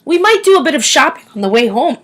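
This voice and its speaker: A no-nonsense guardian who gives orders briskly and firmly, as a woman reading aloud voices her. Her voice sits fairly high and swings up and down a lot. Under the sternness she is caring. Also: sing-song, a bit bright. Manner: brisk and commanding.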